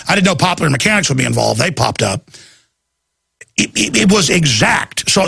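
Man, talk radio host, emphatic ranting monologue, forceful tense voice, slightly high pitch. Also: creaky, breathy edge, no echo.

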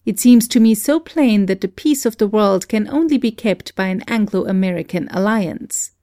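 A woman reading the dialogue of a reserved, earnest English male novelist in a polite, measured way. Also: mid-range voice, expressive, mellow, no room sound, clean studio sound, lightly acted.

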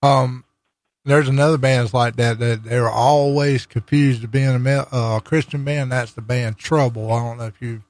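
A man's voice: mid-range voice, steady tone, moderate pace, a little mellow, no echo. A man with a Southern US accent, a chatty radio DJ hosting a casual interview in an easygoing way. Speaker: radio DJ host.

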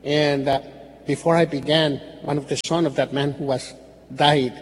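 A man's voice: fairly high pitch, fairly even intonation, moderate pace. A man, a Catholic priest, preaching a sermon in an earnest, repetitive way with slips and restarts. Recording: faint hall reverb with background noise.

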